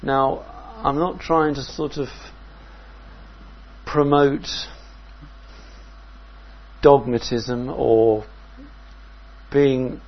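A man preaching a sermon in a measured, reflective way, often asking his listeners questions. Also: mid-range voice, steady tone, dull audio.

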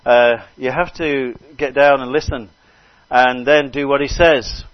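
A man's voice: mid-range voice, fairly even intonation, measured pace, dry recording. Older man preaching fervently, lo-fi. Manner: fervent, swings between loud exclamations and soft asides; repeats phrases and interjects hallelujah. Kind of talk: sermon. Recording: dull lo-fi recording.

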